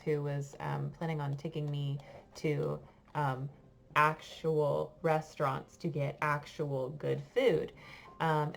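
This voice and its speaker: Low, gravelly American woman teacher. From United States. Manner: chatty, halting with many fillers and laughs. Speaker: French teacher. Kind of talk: casual storytelling to a class.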